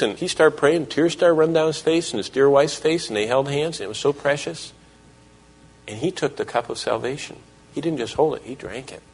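A middle-aged male pastor preaching a sermon, telling stories and quoting scripture and the people in them. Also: medium pitch. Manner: storytelling, quoting scripture and voices in dialogue.

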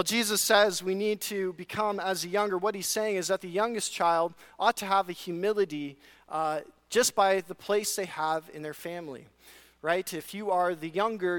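A man's voice: high-pitched, a bit bright. A male pastor preaching a sermon, earnest, posing rhetorical questions to the congregation and reading scripture, with the odd dry sarcastic aside. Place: church sanctuary. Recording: long reverb of a large hall.

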